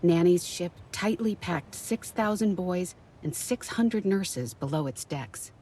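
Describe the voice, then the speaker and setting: A woman narrating as a granddaughter, telling her grandmother's wartime story in a calm, measured way. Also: lowish voice, slight background noise. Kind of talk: scripted documentary narration.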